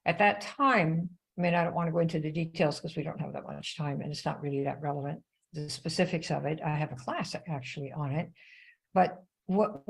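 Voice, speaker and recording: Gravelly older woman coaching live. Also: deep voice, low-quality recording. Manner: animated storytelling, conversational. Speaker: network marketing coach. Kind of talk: casual live-stream talk.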